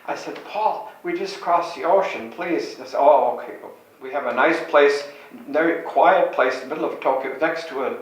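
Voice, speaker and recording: A man's voice: on the high side, normal speed. An older man from Chicago, a Catholic priest, telling anecdotes from memory in a meandering way and often correcting himself mid-sentence. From Chicago, USA. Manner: meandering, self-correcting storyteller. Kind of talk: reminiscing anecdotes. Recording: very echoey room, distant mic.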